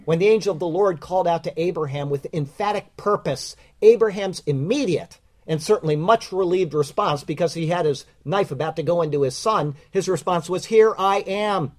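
A man teaching through a Bible passage verse by verse, deliberate and emphatic, slowing down to stress quoted words. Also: fairly high pitch. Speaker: preacher.

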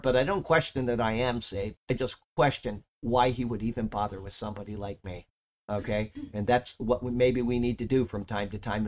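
A man delivering a sermon, moving from earnest teaching with strong emphasis into relaxed, chatty asides. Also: mid-range voice. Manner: earnest, lively emphasis, drifts into casual asides. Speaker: preacher.

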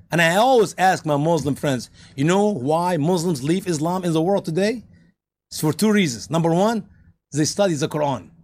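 A man preaching a sermon with animated storytelling, rhetorical questions, and scenes he acts out in different voices. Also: sits high.

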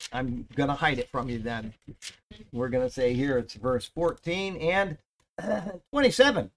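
A man's voice: mid-range voice, slight background noise. A man preaching a conversational Bible study sermon, reading scripture aloud with emphatic rises and joking with his listeners between verses. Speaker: pastor.

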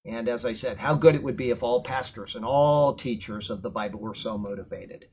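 A man teaching a Bible lesson, explaining words verse by verse and drifting into relaxed, chatty tangents. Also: mid-range voice, fairly quick, slight background noise, poor audio. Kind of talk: verse-by-verse Bible commentary with casual asides.

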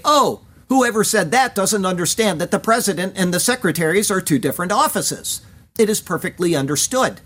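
A man with a slightly higher voice gives an earnest, emphatic verse-by-verse Bible commentary. He reads out Hebrew phrases and stresses them as he explains the text. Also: a bit bright. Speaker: Bible teacher.

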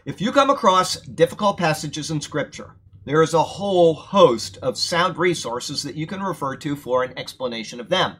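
A man's voice: on the high side, animated, moderate pace, a bit bright, slightly rough. A man teaching a verse-by-verse sermon, explaining scripture in a conversational, emphatic way and checking in with his listeners. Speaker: preacher teaching from Bible.

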